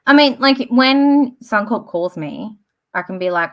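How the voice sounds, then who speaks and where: A young woman in her late twenties, chatting away on a live book stream. Her pitch swings up and down a lot. She rambles casually and fills her talk with "like" and "um". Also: sing-song, moderate pace, vocal fry, fairly bright tone. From Australia. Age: late 20s.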